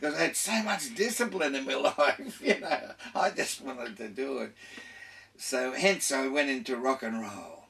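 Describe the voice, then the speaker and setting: A man's voice: medium pitch, expressive, measured pace, gravelly, sharp tone, recorded from a distance. An older man with an Australian accent, a radio guest telling his life story in a rambling way, full of restarts and laughter.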